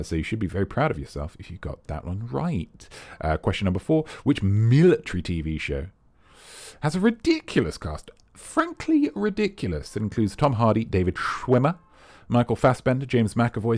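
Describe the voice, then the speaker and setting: A man's voice: mid-range voice, dry recording, studio quality. A man hosting a trivia quiz, reading out questions and answers in a casual, playful way with jokey, rambling asides. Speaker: quiz host.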